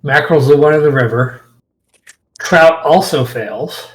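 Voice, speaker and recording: A man's voice: a little high, measured pace. A man running a tabletop game as game master, talking in a casual, matter-of-fact way.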